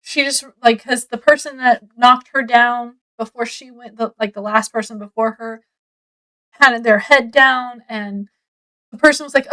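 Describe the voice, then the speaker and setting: A woman casually retelling a mystery novel's plot in a book review, rambling and full of fillers, often trailing off quietly. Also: a little high, fairly even intonation, measured pace, rough recording. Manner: rambling, retells scenes with quoted voices; lots of fillers, trailing off softly.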